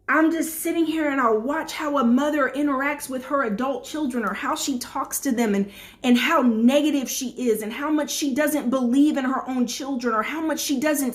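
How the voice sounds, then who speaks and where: Slow, high-voiced emphatic woman life coach. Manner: emphatic, repetitive preaching cadence. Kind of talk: motivational talk to camera.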